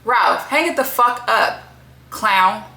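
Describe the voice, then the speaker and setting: A woman's voice: fairly high pitch, animated, slow, creaky, sharp tone, roomy sound. A woman hosting a casual reality-TV recap, talking bluntly with lots of profanity and strong opinions. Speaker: TV recap host.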